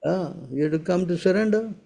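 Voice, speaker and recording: Gravelly dark-voiced guy teaching in a q&a, pushy, keeps asking "understand?". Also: high voice, fairly quick. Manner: emphatic, keeps checking with tag questions. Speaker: spiritual teacher answering questions. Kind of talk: Q&A session.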